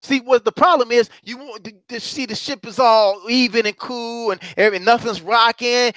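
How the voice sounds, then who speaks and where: A man speaking as a motivational courage coach to a congregation, emphatic and repetitive, swinging from low murmurs up to loud, high exhortations, with speech. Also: steady tone, moderate pace, few pauses, dry recording. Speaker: self-described courage coach.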